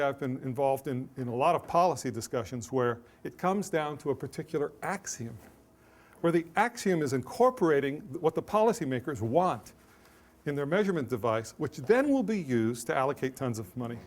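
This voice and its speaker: A middle-aged man giving an academic lecture, joking and self-deprecating, with brisk asides and anecdotes. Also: medium pitch.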